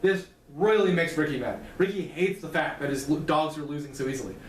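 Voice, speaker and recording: A man's voice: on the high side, a little fast. A man casually retelling the plot of his own novel, with lots of ums and restarts. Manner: loose, filler-heavy retelling with restarts. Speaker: author recapping his novel. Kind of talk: casual plot recap lecture. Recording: roomy, distant mic, faint noise.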